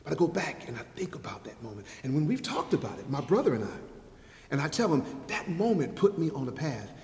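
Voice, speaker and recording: Male guest preacher, somewhat high voice, rhythmic poet's delivery, roomy echoing sanctuary sound. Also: very animated, fairly quick, darkish tone. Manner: rhythmic, playful delivery, leads the congregation in call-and-response. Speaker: guest speaker at a church service. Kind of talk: sermon with rhyming spoken-word poem. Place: church sanctuary. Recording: echoey hall with long reverb.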